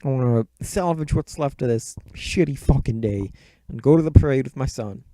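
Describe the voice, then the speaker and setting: A man's voice: medium pitch, normal speed, dark tone, dry recording, close to an everyday voice. A man voicing a furious, fed-up wife who swears and snaps at her husband, his voice jumping far above his own. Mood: angry. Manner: profane, snapping.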